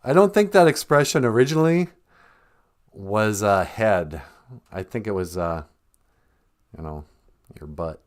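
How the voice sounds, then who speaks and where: A man's voice: fairly low pitch, lively intonation, unhurried, long pauses. A middle-aged man co-hosting a casual morning chat, joking and teasing in a wry way. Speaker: co-host.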